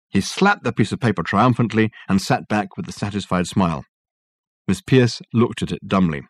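A man narrating a novel in a dry, measured storytelling manner. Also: lowish voice, animated, breathy edge, no room sound. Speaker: audiobook narrator. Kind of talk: scripted narration.

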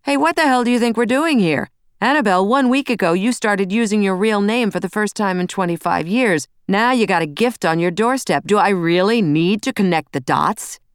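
A woman voicing a blunt male police detective who scolds in a sharp, raised voice. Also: on the low side, expressive, a little fast, few pauses, clear, resonant tone, dry recording, studio quality, voice pushed up. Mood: exasperated.

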